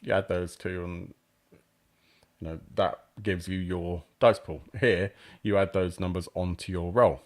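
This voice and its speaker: A man's voice: low-pitched, steady tone, a little slow. A man hosting a casual stream about tabletop games, rambling and self-deprecating, with plenty of ums and apologies as he reads. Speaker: host reviewing crowdfunding games. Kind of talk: casual live-stream commentary.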